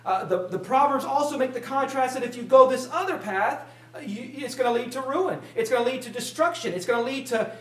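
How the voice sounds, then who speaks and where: A pastor with a high-pitched voice delivers an emphatic sermon, stumbling over repeated words as he drives each point home. His voice rings through a roomy church sanctuary, picked up from a distance, with a clear echo around it. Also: fairly quick, a bit bright. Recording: roomy sound from a distant mic.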